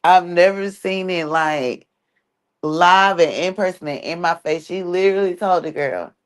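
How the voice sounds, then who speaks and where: This is a woman with a fairly low-pitched voice, talking casually to a livestream audience. Her delivery is blunt and exasperated, and she swears freely as she talks. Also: unhurried, clear, resonant tone. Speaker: streamer commenting on an online family.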